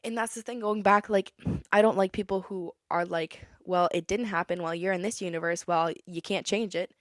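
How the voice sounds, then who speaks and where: A woman's voice: medium pitch, fairly even intonation, normal speed, dry recording, studio quality. A young woman, possibly a teenager, hosting a casual solo podcast, chatty and opinionated, sometimes breaking into song. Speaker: podcast host.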